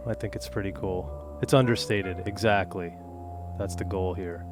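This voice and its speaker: A man's voice: low voice, fairly even intonation, moderate pace, music in the background. A man, a game composer, chatting casually on a live stream in an easygoing, joking way, thinking aloud.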